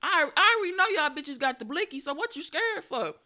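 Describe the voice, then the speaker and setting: A young woman with a slightly high voice tells a story on her own podcast, loose and profane. Her delivery jumps into loud, excited bursts and then drops back to a low mutter. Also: a little fast. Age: 20s. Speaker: podcast host. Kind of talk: casual comedic storytelling.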